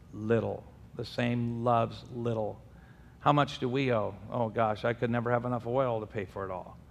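A man preaching a sermon, reading scripture aloud and swinging between loud emphasis and quiet asides. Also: mid-range voice. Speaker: pastor. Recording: long hall reverb.

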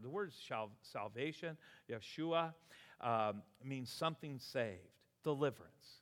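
A man in his sixties preaching a sermon as pastor, animated and exclamatory, often chuckling between points. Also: mid-range voice, slow pace. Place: church sanctuary. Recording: long hall reverb.

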